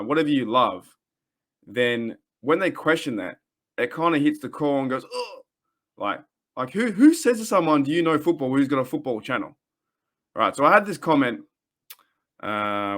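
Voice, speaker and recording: An Australian man in his thirties hosts a casual sports fan podcast, his voice medium-pitched and a bit bright. He rants in a rambling, heated way, restarting his sentences often.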